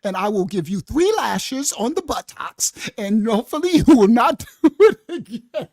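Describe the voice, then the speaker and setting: A man's voice: extremely high pitch, sing-song, moderate pace, a little mellow, no room sound, clean studio sound, full character voice. A man putting on an overly polite, prim elderly grandmother in a mock-proper, courteous voice.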